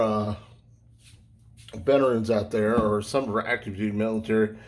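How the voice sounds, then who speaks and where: A low-voiced man talks through a beer tasting in an easygoing, rambling way. He stops often to fill pauses and restart his sentences, like a friend chatting over a drink. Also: steady tone. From United States. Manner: rambling, folksy, lots of fillers and restarts. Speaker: beer review vlogger. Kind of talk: casual beer review.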